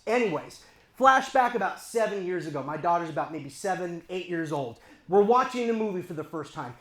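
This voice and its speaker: A man's voice: high-pitched, reverberant. Self-deprecating male stand-up comic. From eastern Los Angeles County, US. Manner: conversational, self-deprecating, addresses the crowd directly. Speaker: stand-up comedian. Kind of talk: stand-up comedy set. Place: comedy stage before a live audience.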